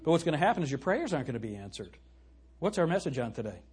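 A man's voice: on the high side, very animated, racing, darkish tone, slightly rough. A male pastor preaching an emphatic sermon, asking his congregation questions and reading scripture aloud.

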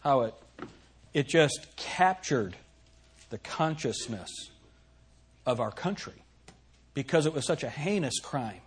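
A man preaching a sermon with earnest emphasis. He reads scripture emphatically and drops low for asides. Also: animated, slow pace, long pauses, husky. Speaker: pastor.

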